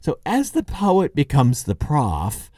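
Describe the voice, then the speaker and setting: A man's voice: a little high, huge pitch swings, takes it slowly, dark tone, no echo, clean studio sound. A man hosting a podcast, giving a conversational literary lecture, thinking aloud with occasional chuckles. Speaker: podcast host and lecturer on Dante.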